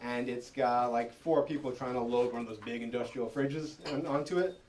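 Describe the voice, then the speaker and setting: A man's voice: mid-range voice, moderate pace, a little mellow, far from the mic, a little hiss or hum. A man doing amateur stand-up, telling personal stories with lots of fillers and a self-deprecating tone. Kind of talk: stand-up storytelling. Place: restaurant event space with live audience. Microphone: handheld mic.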